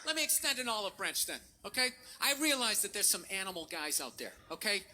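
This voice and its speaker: A man doing stand-up comedy on stage, ranting in an exasperated way and yelling back at the crowd. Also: high-pitched, very animated, fast. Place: stage of a live comedy special.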